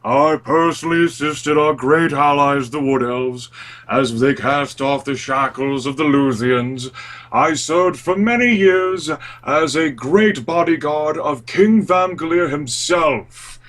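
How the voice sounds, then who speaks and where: A man's voice: on the high side, slow, a bit bright, voice pushed up. A man voicing a proud veteran male warrior who haggles stubbornly and boasts of his past, in a tabletop game. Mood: haughty.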